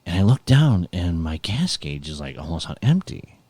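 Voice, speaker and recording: A man's voice: deep voice, very animated, normal speed, a little mellow, slightly rough, no echo. A middle-aged man, a guest musician, telling a rambling story in casual chat and laughing often.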